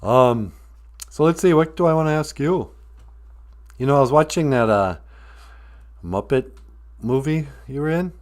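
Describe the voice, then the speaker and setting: A man's voice: on the high side, animated, measured pace, pauses often, darkish tone. A man hosting a live stream, rambling casually, joking and laughing often. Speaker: host.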